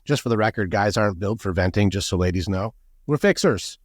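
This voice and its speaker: A man coaching on masculinity in a podcast conversation, animated and blunt, acting out quoted voices. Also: on the low side, fairly quick, no room sound, studio quality. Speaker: guest, men's coach.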